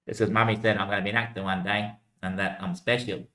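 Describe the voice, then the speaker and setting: A man's voice: fairly low pitch, little pitch movement, fast, a bit bright, reverberant. A man rambling to himself, answering his own remarks and swearing freely.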